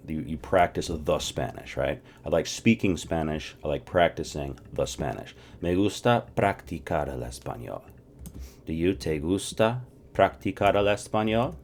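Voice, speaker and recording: A man teaching a casual spoken lesson, drilling short phrases, asking the listener to repeat after him and often clearing his throat. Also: low voice, a little hiss or hum. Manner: animated, drills phrases and asks viewers to repeat. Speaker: language teacher.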